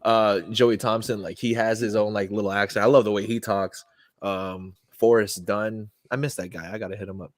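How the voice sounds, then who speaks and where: Man, podcast host, low pitch, excitable, cursing, dry close sound. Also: normal speed, no echo. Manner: excitable, swears a lot. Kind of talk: casual chat.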